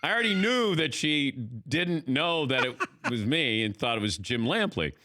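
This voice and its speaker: A man with a bright, forward voice hosts a sports talk show, spinning self-deprecating anecdotes and mimicking the people in them. The sound is dry and close, straight into a studio microphone. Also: medium pitch, lively intonation, moderate pace, dry recording. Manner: storytelling, self-mocking, acts out voices in anecdotes. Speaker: radio show host. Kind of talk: casual studio banter. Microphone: studio mic.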